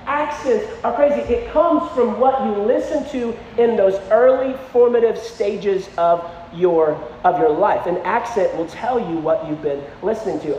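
A man preaching in a large hall, his voice very high and ringing with long reverb. He talks casually and keeps checking in with "okay?", then builds to loud, emphatic peaks. The sound is dull and lo-fi. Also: distant mic, slight background noise. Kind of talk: sermon with storytelling.

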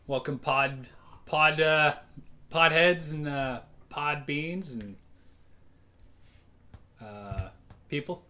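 Guy co-hosting a comedy pod, kinda high voice, rambly and giggly, lots of likes and uhs. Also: drawn-out words, long pauses, bright, forceful tone. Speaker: podcast co-host. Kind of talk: casual comedy podcast chat.

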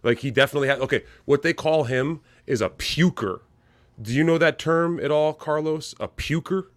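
A man co-hosting a casual podcast, rambling and profane, dropping low and glum when he turns serious. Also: moderate pace, dry recording. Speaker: podcast co-host.

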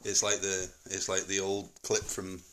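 A man's voice: low-pitched, completely flat delivery, measured pace, a bit bright, a little hiss or hum. A middle-aged man with a Northern English accent, hosting a casual family chat at home in a rambling, jokey, digressive way. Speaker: podcast host.

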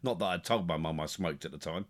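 A man telling a funny family story in a casual podcast chat, animated and chuckling, stumbling over his words as he gets excited. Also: sits low, quick pace. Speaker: podcast co-host.

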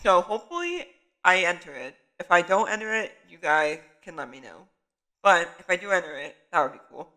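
A man's voice: high voice, brisk, rough recording. A young man, a student photographer, casually telling a story to the camera in a chatty way full of "like" fillers. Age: young adult. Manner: chatty, many "like" fillers, animated retelling.

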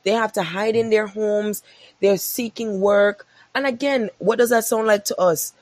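A woman's voice: mid-range voice, steady tone, moderate pace, darkish tone, no echo. A woman in casual podcast chat, pressing her points with rhetorical repeats.

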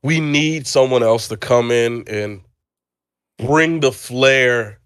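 A man from Nigeria, co-hosting a casual chat, telling animated stories and laughing often. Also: mid-range voice, slow, smooth, dry recording, studio quality. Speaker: podcast co-host.

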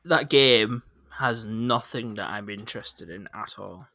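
A man's voice: on the low side, measured pace, vocal fry, pushed and bright. A man co-hosting a casual gaming podcast, joking and dismissive, swearing freely. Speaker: podcast co-host.

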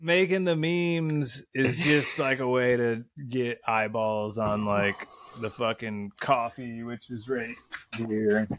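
A man's voice: mid-range voice, fairly even intonation, slow, fairly bright tone. A young adult man chatting casually as a podcast guest, rambling and swearing often in a laid-back way. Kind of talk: casual chat.

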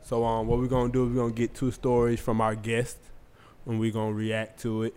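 A man hosting a casual group podcast, relaxed as he introduces the next segment. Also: medium pitch, brisk, clear, resonant tone. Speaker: podcast host.

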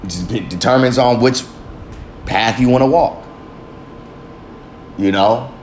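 A man rants to his audience in a blunt, cussing, motivational monologue. He speaks at a mid pitch. His voice carries a roomy echo over faint background ambience. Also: a little slow, darkish tone, slight background noise. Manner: heavily profane, emphatic, talks to himself. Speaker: vlog host. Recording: echoey room with faint ambience.

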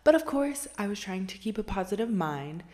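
A woman's voice: mid-range voice, sing-song, a little fast, mellow. A woman, telling a personal story as a podcast host in a casual, chatty way, swearing freely and using lots of fillers. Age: 20s.

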